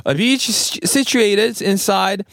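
A man co-hosting a radio show, quick and playful, reading news stories aloud in a studio. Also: high voice, creaky, fairly bright tone, no room sound. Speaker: radio co-host. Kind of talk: bilingual radio banter. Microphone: studio microphone.

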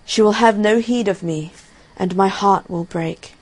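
A sorrowful young student pines aloud in a plaintive, dreamy voice, as a woman reading the tale puts him on. It stays close to a gentle storybook reading. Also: medium pitch, unhurried, natural voice. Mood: lovesick.

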